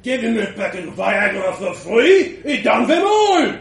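A boastful, scheming man in broken English, talking slowly with a lively, swinging pitch, as a man puts him on. The voice sounds roomy and a little far from the mic. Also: creaky, heavily acted.

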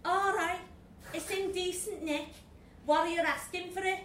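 A woman's voice: very high-pitched, fairly even intonation, measured pace, fairly bright tone, a little hiss or hum, voice pushed up. Woman putting on a brash Liverpool devil. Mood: brash, mocking. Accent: Liverpool, put on. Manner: gruff, brash, sniffing, mocking. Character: coarse, cocky male devil from Liverpool. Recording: echoey room from a distance.

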